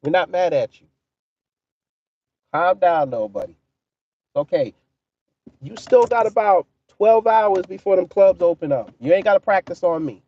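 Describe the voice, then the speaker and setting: A man's voice: high-pitched, lively intonation, normal speed, darkish tone, no room sound, dull audio. A man hosting a casual livestream, talking in a profane, mocking way and answering his chat. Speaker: livestream commentary host.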